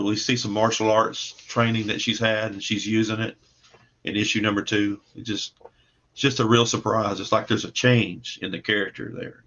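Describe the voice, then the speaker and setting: A lower-pitched man with a bright, forceful tone talks casually about making comics. He rambles easily and repeats his words. The sound is muffled and lo-fi, like stream audio. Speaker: comic creator and guest. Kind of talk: casual livestream interview.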